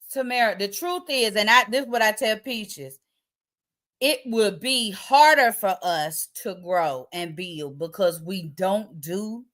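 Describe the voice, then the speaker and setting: Chatty woman hosting a livestream. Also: a little high. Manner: chatty, reads viewer comments aloud; colloquial, relaxed slang. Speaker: livestream host. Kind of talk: casual livestream chat.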